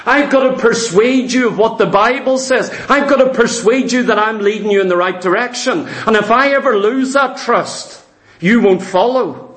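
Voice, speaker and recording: A man's voice: high voice, moderate pace, a bit bright, echoey room. A man preaching a sermon, speaking earnestly and with emphasis to his congregation.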